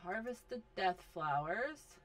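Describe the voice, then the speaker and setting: A woman giving casual commentary over a life-simulation game, talking slowly and bossing her characters around in exasperation. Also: mid-range voice, lively intonation. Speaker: gaming video host.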